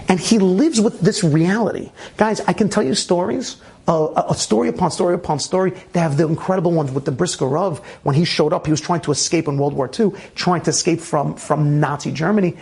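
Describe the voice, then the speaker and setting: A man with a raspy voice telling a Torah story in a lively way, with restarts and sound effects. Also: a little high. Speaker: Torah speaker. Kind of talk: animated storytelling talk.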